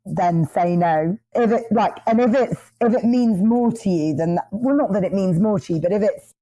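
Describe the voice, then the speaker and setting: A woman in her thirties, a podcast guest telling stories in an animated, rambling way. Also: medium pitch, moderate pace, dry recording, low-quality recording. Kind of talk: casual interview chat.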